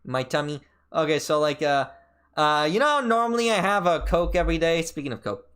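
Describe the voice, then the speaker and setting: A man streaming a casual chat, telling a rambling story full of fillers and restarts, his pitch jumping sharply up and down. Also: very animated, a little fast, fairly bright tone, clean tone. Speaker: VTuber streamer.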